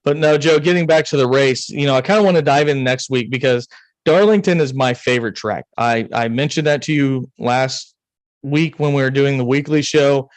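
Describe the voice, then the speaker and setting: A man's voice: medium pitch, moderate pace, dry recording, rough recording. An American man co-hosting a racing podcast, chatting casually, joking and rambling. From United States. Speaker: podcast co-host. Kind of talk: casual chat.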